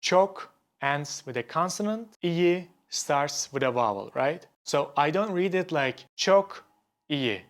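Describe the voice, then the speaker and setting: A native Turkish-speaking man teaches a language online, patiently explaining and slowly repeating example words. He sounds animated, with a fairly high pitch.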